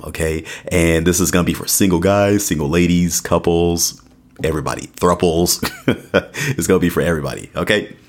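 A young man hosting a podcast in a casual, jokey monologue, tagging his lines with "okay?". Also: low-pitched. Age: young adult. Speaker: podcast host. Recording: music playing underneath.

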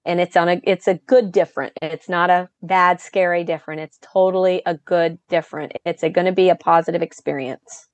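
A woman's voice: fairly low pitch, fairly even intonation, brisk, few pauses, dry recording. A woman, an event organizer, being interviewed on a podcast, speaking with a dry, sarcastic sense of humor. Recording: dry, dull lo-fi sound.

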